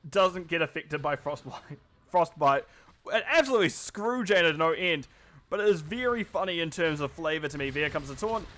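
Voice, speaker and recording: A man's voice: on the high side, expressive, moderate pace, a bit bright. A man with a New Zealand accent casting a live esports match, chatty and self-deprecating, with rambling asides. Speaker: esports caster. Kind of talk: live esports play-by-play commentary.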